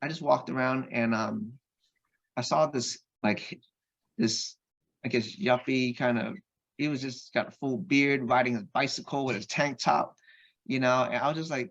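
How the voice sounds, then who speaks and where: A man, a podcast guest, telling a personal anecdote in an animated way and acting out the voices of the people in it. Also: medium pitch, normal speed, gravelly, muffled recording. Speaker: podcast guest, real estate investor.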